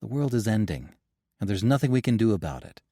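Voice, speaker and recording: A man's voice: fairly low pitch, sing-song, quick pace, mellow, no room sound, studio quality. A young man voicing an anxious, earnest young male recruit. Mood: anxious, urgent.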